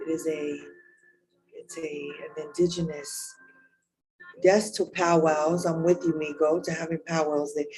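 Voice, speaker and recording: A woman's voice: low-pitched, little pitch movement, unhurried, a little mellow, rough recording. A woman preaching a raw, emotional sermon, candid and searching for words. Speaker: spiritual leader. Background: music.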